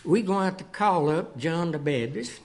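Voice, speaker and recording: A man's voice: on the high side, animated, normal speed. A man voicing an old country preacher who teases good-humoredly, folksy, told in a church. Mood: teasing. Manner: folksy, teasing. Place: church sanctuary.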